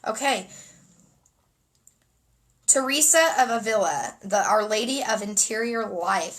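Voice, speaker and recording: A woman's voice: mid-range voice, expressive, measured pace, pauses often, a bit bright, poor audio. A woman giving a spontaneous spiritual card reading, dreamy and emotional, often repeating phrases. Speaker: oracle card reader and energy healer.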